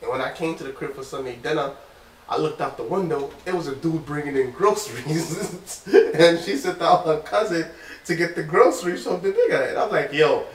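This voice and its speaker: A man's voice: a little high, normal speed, slight background noise. A man co-hosting a casual talk show, telling a long story and acting out the lines of the people in it. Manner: animated storyteller, acts out quoted lines. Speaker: co-host. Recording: echoey room, distant mic.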